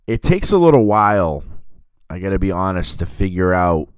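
A man's voice: low voice, sing-song, moderate pace, smooth, dry recording. A man hosting a podcast, chatting casually about a film in a rambling way, full of fillers and self-corrections. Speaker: podcast host reviewing a film. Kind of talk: casual film review chat.

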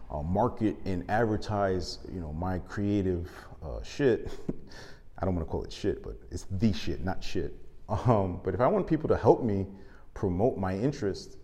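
A man hosting his own show, delivering a comic, impassioned rant full of profanity that swings from loud to muttered. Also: lowish voice, in a large hall. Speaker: show host. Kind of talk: comedic monologue rant.

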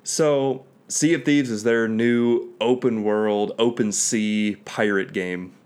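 A man with a fairly low voice talks in a relaxed, casual way. He hedges often and thinks aloud as he goes. He sounds like a co-host trading opinions with a friend. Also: takes it slowly, clear, resonant tone. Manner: easygoing, hedging, thinks aloud. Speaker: podcast co-host. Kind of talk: casual chat about video games.

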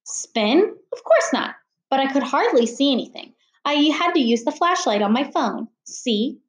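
A woman's voice: high voice, very animated, a little slow, voice pushed up. A woman voicing a stern, exasperated mother who scolds sharply, in a roomy echo. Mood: stiff.

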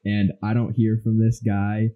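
A man's voice: on the low side, completely flat delivery, measured pace, narrow, tinny audio. A young man co-hosting a podcast in casual chat, rambling through stories and acting out his own reactions. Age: young adult. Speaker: podcast co-host.

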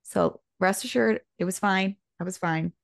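A woman's voice: mid-range voice, normal speed, creaky, dry recording, studio quality. A young woman co-hosting a podcast, telling a personal story in a casual, chatty way with many fillers. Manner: animated, chatty, frequent "like" fillers. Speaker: podcast co-host.

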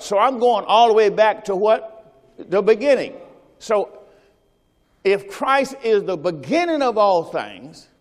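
Man preaching a sermon, call-and-response, high animated voice, long hall reverb. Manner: call-and-response preaching, has the congregation repeat phrases. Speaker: pastor. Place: church service.

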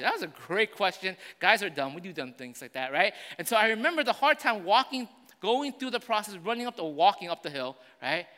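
A pastor preaching in a church sanctuary, his fairly high, bright voice carrying through the long reverb of a large hall. He swings from loud, urgent declarations down to quiet, chatty asides, all delivered in sermon style.

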